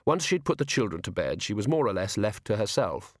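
A man reading a novel aloud as an audiobook narrator, measured and wry. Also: fairly low pitch, big pitch swings, dry recording, studio quality. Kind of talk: scripted narration.

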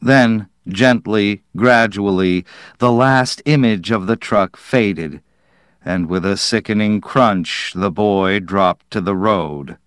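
A man reads a story aloud at an unhurried, deliberate pace, letting each phrase land with measured drama. His voice sits at an ordinary middle pitch and sounds close and dry, with no room around it. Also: clean tone, no echo. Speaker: narrator. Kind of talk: audiobook narration.

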